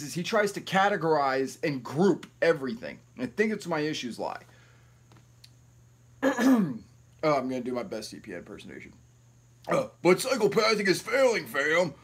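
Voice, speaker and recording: A man's voice: a little high, breathy edge. A man hosting a live stream, ranting in a rambling, profane, heated way.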